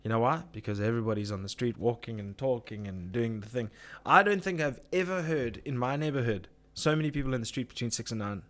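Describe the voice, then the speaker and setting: A man's voice: mid-range voice, expressive, fast, few pauses, fairly bright tone. Ranting man hosting live chat. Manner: ranting, swearing, reading viewer comments. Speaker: live-stream host.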